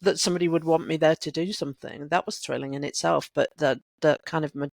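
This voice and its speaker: A woman's voice: sits low, fast, gravelly, dry recording. A woman in her sixties, a guest creative coach, talking reflectively and telling stories in a casual conversation. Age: 60s. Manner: reflective, animated storyteller.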